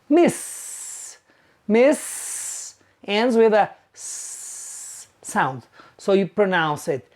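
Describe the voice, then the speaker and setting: Female pronunciation teacher, very slow and careful, stretches each sound out for learners. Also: fairly high pitch, big pitch swings. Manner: slow and deliberate, drawn-out example sounds. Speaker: English teacher.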